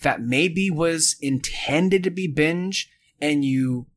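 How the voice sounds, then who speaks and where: A man co-hosting a podcast, chatting casually and ranting with animated annoyance. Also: on the high side, slow pace. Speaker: podcast co-host.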